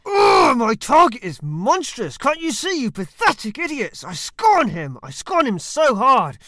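A man playing a scornful, angry ancient Roman satirist who shouts his insults in a comedy podcast sketch. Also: extremely high pitch, huge pitch swings, unhurried, dry recording, studio quality, voice pushed up, exaggerated voice. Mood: scornful shouting.

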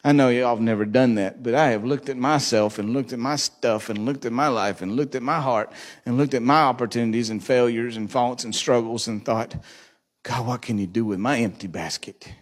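A man's voice: medium pitch, steady tone, a little fast. A male pastor preaching a sermon, joking and asking the congregation questions. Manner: jokey, asks the congregation questions.

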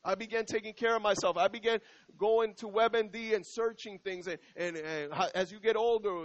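A middle-aged man preaching a sermon as pastor in a church, talking conversationally and slowing down to repeat key lines. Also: high-pitched, steady tone, dull audio.

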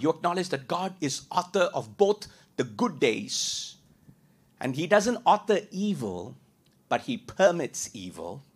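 A man preaching a sermon as a pastor, asking rhetorical questions and repeating points, moving between loud emphatic lines and quiet ones. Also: a little high, slightly rough.

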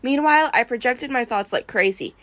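A woman reading a first-person adventure novel aloud in a lively storytelling manner. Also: a little high, brisk, dry recording. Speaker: reader.

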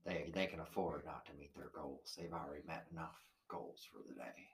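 A man doing a put-on Southern country cowboy accent, slow and folksy. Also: a bass voice, fairly even intonation, slightly rough, exaggerated voice. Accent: put-on Southern drawl.

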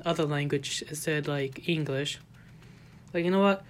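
A woman from the United States hosting a casual solo podcast, talking in a rambling, halting way with loose grammar and many fillers. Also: sits low, slight background noise. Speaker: podcast host.

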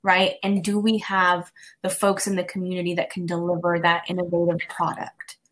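A woman's voice: lowish voice, monotone, moderate pace, fairly bright tone. A woman who programs theater seasons, talking casually in an interview and telling stories with lots of fillers. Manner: chatty storytelling, many "you know" fillers.

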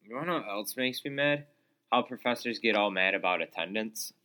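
Young guy podcasting solo, ranting, kinda sarcastic and fed up, bright lowish voice, lots of likes and uhs. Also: animated, a little fast. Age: young adult. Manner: exasperated, sarcastic, lots of fillers. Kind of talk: casual ranting monologue. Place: small room, calls it his studio.

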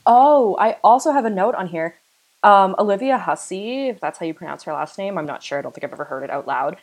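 A woman's voice: mid-range voice, expressive, a little fast, rough recording. A young woman co-hosting a podcast, chatting casually about a horror film and filling her talk with "like" and "you know.". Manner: chatty, filler-heavy, uses "like" a lot. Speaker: podcast co-host. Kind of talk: casual chat.

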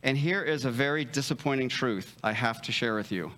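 A man's voice: medium pitch, fairly bright tone. A male pastor preaching a casual, joking sermon, full of restarts and acted-out bits of dialogue. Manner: conversational, joking, with many restarts and stammers; acts out quick dialogue in livelier voices.

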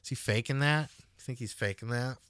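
Male podcast host, thirties, loose rambling delivery with casual swearing; smooth voice, dry close sound. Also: mid-range voice, a little fast, fairly bright tone, no room sound.

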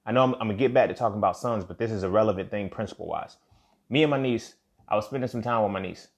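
A man's voice: on the low side, rapid-fire. A young man hosting a podcast, talking in a loose, casual monologue full of restarts and asides. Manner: conversational, repeats "you feel me", frequent restarts. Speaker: podcast host.

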